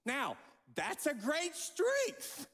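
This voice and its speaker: High, lively preaching man in a hall. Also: drawn-out words. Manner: animated preaching with acted-out quotes. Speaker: pastor. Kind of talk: sermon. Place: church sanctuary.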